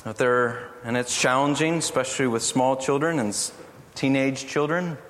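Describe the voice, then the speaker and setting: A middle-aged man preaching a sermon, telling family stories in an earnest, gently humorous way. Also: mid-range voice, normal speed. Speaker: pastor. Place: church hall. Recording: echoey hall from far off, faint noise.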